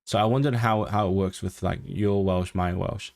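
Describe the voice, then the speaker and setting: A man's voice: low-pitched, steady tone, moderate pace, vocal fry, a little mellow. Chatty man studying a language on stream. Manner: chatty and self-interrupting, with frequent restarts. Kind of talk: casual study livestream, reading aloud and musing.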